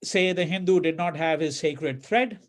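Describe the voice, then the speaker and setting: A man's voice: a little high, moderate pace. A man lecturing a class in a conversational way, often asking "right?" and acting out quoted lines in a mocking tone. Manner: conversational, checks in with "right?", repeats words; reads quoted verses in a mocking voice. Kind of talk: university lecture.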